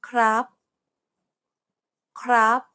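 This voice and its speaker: A woman who models pronunciation, saying single words carefully and deliberately for learners to repeat. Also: pushed and bright. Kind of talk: isolated word pronunciation drills.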